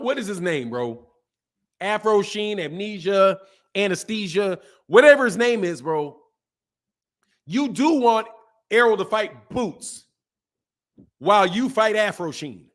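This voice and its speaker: A man with a high, light voice holds forth on a casual live stream. He talks to his chat in an animated, repetitive way, hammering the same point again and again. He laughs often between points. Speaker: boxing commentary host.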